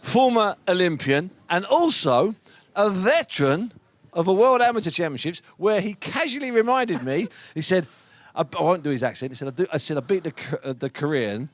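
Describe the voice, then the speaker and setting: A man's voice: high-pitched, very animated, moderate pace, no room sound. A man hosting a boxing podcast, chatty and emphatic, rambling between topics. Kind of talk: lively ringside radio chat.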